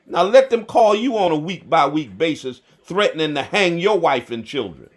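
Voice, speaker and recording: A man, a bishop hosting a livestream, talking slowly and emphatically, repeating firm denials and answering viewer comments. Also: fairly high pitch, big pitch swings. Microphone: livestream to phone or computer.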